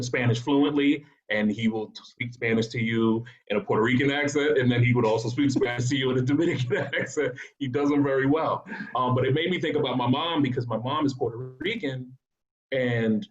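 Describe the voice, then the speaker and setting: A man's voice: mid-range voice, dull audio. A man on a discussion panel, telling family stories in a loose way, with many restarts and laughs. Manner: storytelling, frequent restarts and laughs. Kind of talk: casual discussion.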